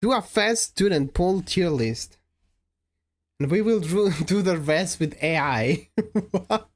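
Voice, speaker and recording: A woman's voice: fairly low pitch, lively intonation, slow pace, a little mellow. A woman streamer chatting casually with viewers, laughing often and speaking with non-native phrasing. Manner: giggly, laughs often while answering chat. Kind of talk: casual live-stream chat.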